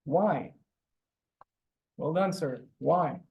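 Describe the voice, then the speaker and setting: A man teaches a beginner language lesson in front of a board, speaking over a video call. His voice sits a little high and he takes his time, stretching each word and exaggerating its sounds so students can copy them. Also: vocal fry, darkish tone. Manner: drawn-out, exaggerated pronunciation of words. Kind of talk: live online beginner lesson.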